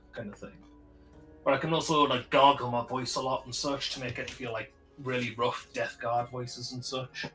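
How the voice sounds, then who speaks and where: A man's voice: medium pitch, a bit bright. A man talking eagerly on a hobby stream, packing his speech with "like" and fillers. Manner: eager, filler-heavy, lots of "like". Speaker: guest hobbyist. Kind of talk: casual chat.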